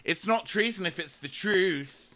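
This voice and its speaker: A man's voice: animated, a little slow, sharp tone, a little hiss or hum, full character voice. A man on a comedy podcast voicing an earnest, tearful young man, pleading and emphatic. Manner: pleading, emphatic, voice jumps high.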